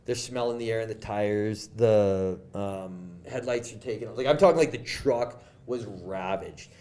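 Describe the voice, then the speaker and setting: A young Canadian man appears as a podcast guest, telling a story casually in a voice on the low side at a moderate pace. He's animated, uses lots of fillers and acts out the quoted dialogue.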